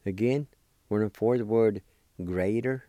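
A man teaches a language lesson in a warm, lowish voice, spelling and pronouncing words one syllable at a time with deliberate patience. There's no room sound.

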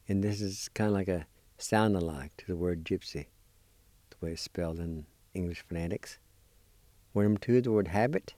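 A radio language lesson led by a man. He speaks in a low, warm, unhurried voice, spelling each word letter by letter. The sound is close and dry, and he cheers his listeners on. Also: dry recording. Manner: slow, careful spelling and pronouncing of words; encouraging toward listeners. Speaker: language teacher and show host.

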